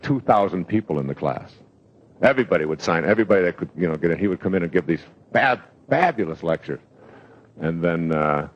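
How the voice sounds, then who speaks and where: A man's voice: low-pitched, muffled recording. A man giving a live motivational talk, telling stories in a rambling way with fillers. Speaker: self-help speaker.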